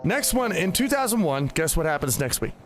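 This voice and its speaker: A man with a notably high voice hosts a laid-back podcast chat. He rambles in a friendly way, laughs easily and trips over his own restarts, with faint music behind him. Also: very animated, brisk. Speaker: podcast host.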